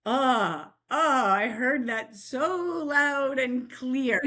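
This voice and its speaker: Middle-aged woman, guest in a casual interview, animated storyteller, slightly high voice. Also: drawn-out words. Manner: animated, chatty, keeps asking "right?". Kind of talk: casual faith-filled storytelling.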